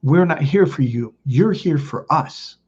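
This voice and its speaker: A cold, dismissive adult sister, put on by a man retelling her words, pitched a little higher and spoken flat and matter-of-fact. The voice stays husky and mellow. The recording is dull and lo-fi. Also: measured pace.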